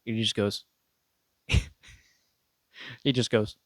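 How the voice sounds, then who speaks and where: A man's voice: on the low side, little pitch movement, very slow, no echo, clean studio sound. A young man casually telling a story, swearing freely and laughing often between his words. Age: young adult. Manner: profane, laughing often, restarts a lot.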